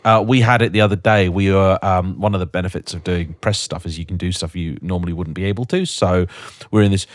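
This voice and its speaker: A man's voice: low-pitched, fast talker, no echo, studio quality. Chatty man telling car stories. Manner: chatty storyteller, lively anecdotes. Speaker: podcast host. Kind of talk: casual chat.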